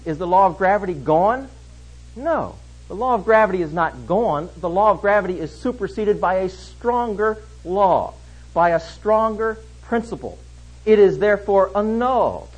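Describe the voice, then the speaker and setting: A man preaching an expository sermon, emphatic, swinging between loud stresses and hushed lines. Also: high voice, husky, dull audio.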